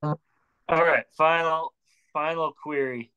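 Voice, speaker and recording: A man's voice: fairly high pitch, steady tone, slow pace, pushed and bright, clear, resonant tone, lo-fi sound. A man hosting a podcast in casual chat, laughing and giving short reactions. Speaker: podcast host.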